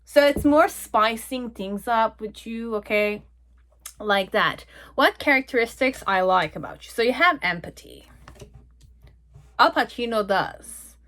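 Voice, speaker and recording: A woman's voice: on the high side, lively intonation, unhurried, fairly bright tone. A young adult woman giving a casual pick-a-card tarot reading, rambling and chatty, often checking in with "okay?" and "like". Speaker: tarot reader.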